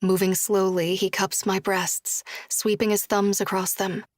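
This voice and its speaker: A woman reads a first-person audiobook in a soft, even voice that rarely moves in pitch. The sound is dry and close, with no room around it, and her dialogue falls to a hushed whisper. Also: a little slow, no room sound. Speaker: audiobook narrator.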